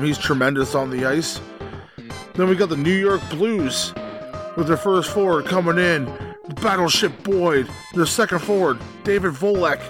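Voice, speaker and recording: A man from Canada co-hosting a casual gaming podcast, making dry, teasing jokes and reading lists in a deadpan way. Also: a little high. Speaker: podcast co-host.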